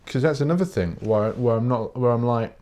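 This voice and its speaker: A British man runs a solo podcast, venting bluntly and sweary while wandering off topic and frequently starting over. His voice sits at medium pitch with a dark tone, and he talks briskly.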